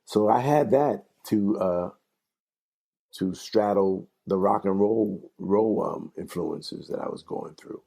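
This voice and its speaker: Husky low-voiced older man telling stories. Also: takes it slowly. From New York. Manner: animated, laughing storyteller with restarts. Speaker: jazz singer and songwriter, interview guest. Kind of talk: casual storytelling interview.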